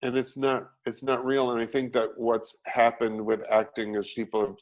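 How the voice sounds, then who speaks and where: A man, an actor as a guest, chatting casually and telling animated, self-deprecating stories. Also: mid-range voice, normal speed. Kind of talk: casual chat.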